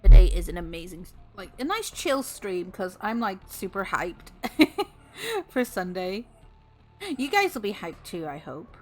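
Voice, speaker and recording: A woman's voice: medium pitch, sing-song, a little slow, faint music behind. A woman streamer chatting casually with her viewers, bubbly and giggly, laughing often.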